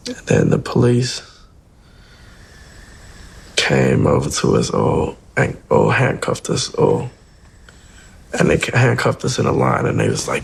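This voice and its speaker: A man's voice: very deep voice, sing-song, a little slow, creaky, pauses often, slight background noise. A man speaking casually in an interview, telling a story in loose slang. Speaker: interview guest.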